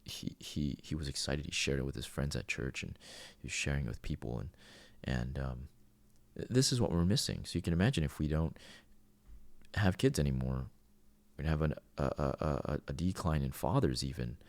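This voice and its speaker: Very deep, gravelly-voiced man. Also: a little fast, no echo. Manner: earnest, with frequent restarts. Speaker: podcast host. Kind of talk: casual spoken monologue.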